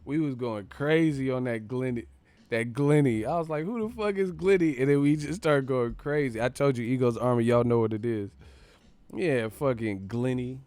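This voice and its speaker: Guy doing a live stream, cussing and joking around, smooth clear voice, dry close sound. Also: medium pitch, steady tone, normal speed, a little mellow, dry recording. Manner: loose, profane and joking, laughs often. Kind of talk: casual live-stream chat. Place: streaming setup with several cameras.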